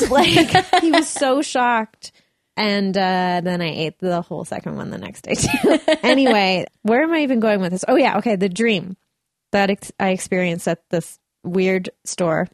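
A woman's voice: medium pitch, measured pace, no echo, clean studio sound. Laughing, chatty woman. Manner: animated storyteller, laughs often. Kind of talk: casual chat.

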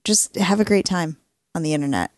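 A woman's voice: on the low side, a little fast, no echo, studio quality. Playful woman guest, Chicago accent. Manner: playful, jokey. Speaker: podcast guest. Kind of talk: casual chat.

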